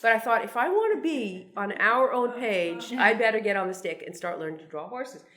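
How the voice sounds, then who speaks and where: A woman's voice: fairly high pitch, animated, moderate pace, fairly bright tone. A woman in her sixties from Brooklyn, a cartoonist telling wry, meandering, self-deprecating stories to an audience, with frequent restarts and asides. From Brooklyn, New York. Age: 60s. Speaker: cartoonist guest speaker. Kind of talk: anecdotal talk to an audience.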